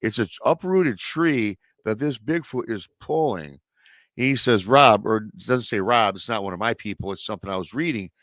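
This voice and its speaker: A man's voice: on the low side, animated, moderate pace, fairly bright tone, no echo. A male host telling a story in a casual, rambling way, full of restarts and stock filler phrases. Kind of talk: casual storytelling on a live show.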